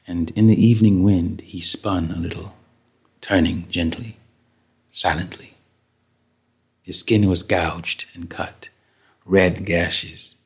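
A man reading a story aloud as narrator in a measured, dramatic way. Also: low-pitched, breathy edge. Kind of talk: scripted audiobook narration.

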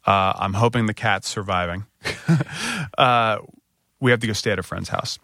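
A man in his thirties, a podcast co-host, telling a candid story and jumping up in pitch when he quotes himself. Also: normal speed, no room sound, clean studio sound. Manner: animated retelling, voice rising when quoting himself.

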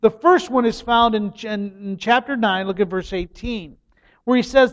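A man with a high voice preaches in an earnest, measured way, stressing his warnings by repeating them. The recording sounds dull and lo-fi, with the top end rolled off. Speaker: pastor. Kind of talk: sermon.

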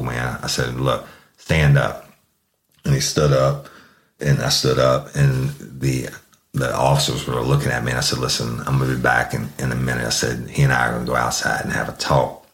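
A man with an extremely deep voice tells a police story from his own past. He talks bluntly and swears freely, acting out each exchange in his own voice. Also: creaky. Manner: profane, blunt, acts out dialogue. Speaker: host telling a true crime story. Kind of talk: first-person storytelling.

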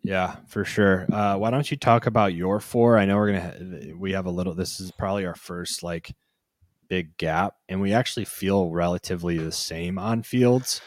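Low-voiced guy rambling about fantasy football, lots of ums, dry mic. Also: steady tone, normal speed, dry recording. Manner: loose, filler-heavy, teasing. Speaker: podcast co-host. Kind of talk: casual fantasy football chat.

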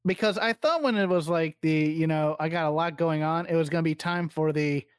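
A man's voice: fairly high pitch, fairly quick, clean tone, dry recording, studio quality. A man co-hosting a wrestling podcast, giving blunt, dismissive opinions in casual chat. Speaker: podcast co-host.

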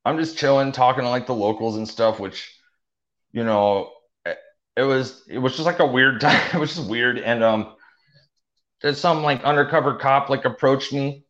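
A man's voice: medium pitch, normal speed, a bit bright. A young man telling his story in a casual, rambling way, full of fillers and restarts. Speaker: interview guest. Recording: dull lo-fi audio.

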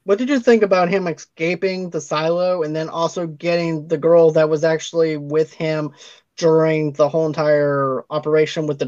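A man with a fairly high voice walks through a film's plot step by step on a casual podcast. His mic sounds dry and close, with no room echo. The audio has a dull, lo-fi tone. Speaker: podcast co-host. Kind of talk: casual movie review chat.

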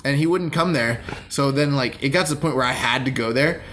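A man's voice: mid-range voice, a little fast, fairly bright tone. A man co-hosting a casual wrestling podcast, telling stories with energy and acting out his own heated replies. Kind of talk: casual chat.

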